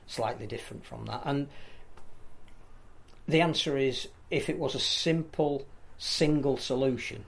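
A man, talking through rugby league as a pundit in a casual podcast chat, measured and full of restarts. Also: mid-range voice, vocal fry. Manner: thoughtful, measured analysis with frequent restarts.

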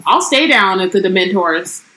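A woman's voice: medium pitch, animated, moderate pace, pushed and bright, rough recording. A woman co-hosting a casual book-discussion podcast, reading passages aloud and then riffing on them with frank, profane commentary.

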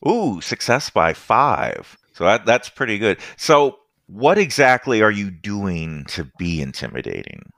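A man narrating as game master of a tabletop game, easygoing and halting, with many fillers. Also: sing-song, vocal fry, a bit bright, no echo, clean studio sound. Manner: easygoing, halting with fillers, brief squeaky voices for side characters.

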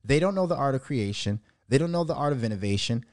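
Animated, profane man ranting as show host. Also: medium pitch, quick pace, dry recording, clean studio sound. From Minnesota. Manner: animated, profane, mocking, laughs often. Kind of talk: casual solo rant.

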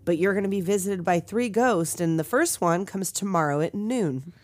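A woman's voice: fairly low pitch, lively intonation, moderate pace, dry recording. A woman in casual chat, recapping a movie with a co-host, swearing and quoting lines as she goes. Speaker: podcast co-host.

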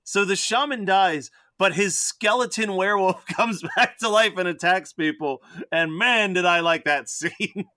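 A man co-hosting a casual podcast about a movie, animated and laughing often, slipping into put-on accents. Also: high-pitched, a little slow, hardly any pauses, no room sound, clean studio sound. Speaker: podcast co-host. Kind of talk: casual movie review chat.

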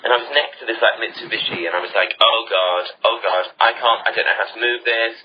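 A man chatting casually and self-mockingly with his co-host over a video call. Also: fairly quick. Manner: chatty, self-mocking, trails into lower mutters. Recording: slightly dull call audio with faint noise.

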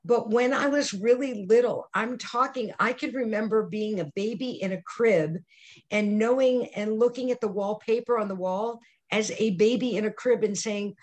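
Older female guest, animated storyteller, acts out quoted voices. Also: medium pitch, moderate pace. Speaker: psychic medium guest. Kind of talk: storytelling interview answers.

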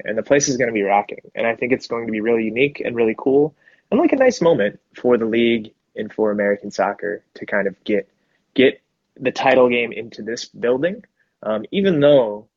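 Husky-voiced man previewing a soccer match. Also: medium pitch, dry recording, dull audio. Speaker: soccer reporter co-hosting a live audio show. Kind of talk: casual match preview chat.

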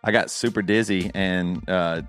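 A man co-hosting a podcast in casual chat, teasing and quick to laugh. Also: low-pitched, steady tone, fairly bright tone, smooth, faint music behind. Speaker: podcast co-host.

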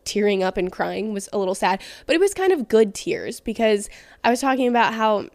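A woman's voice: mid-range voice, big pitch swings, a little fast, no room sound. A young woman hosting a casual solo podcast, talking candidly with lots of "like" fillers. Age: young adult. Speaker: podcast host.

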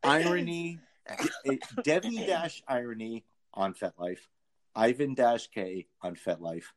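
A man co-hosting a podcast in casual chat, animated and jokey, laughing often. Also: mid-range voice, unhurried. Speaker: podcast co-host.

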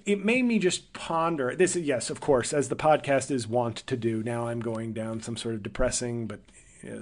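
Rambling man telling a podcast story. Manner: rambling, self-correcting, thinks aloud; livelier and higher when quoting people. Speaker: podcast host. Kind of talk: casual storytelling monologue.

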